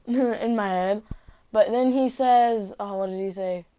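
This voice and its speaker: A woman's voice: mid-range voice, measured pace, dark tone. A woman vlogger telling a story to camera in a casual, rambling way, swearing constantly. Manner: heavy swearing, rambling asides.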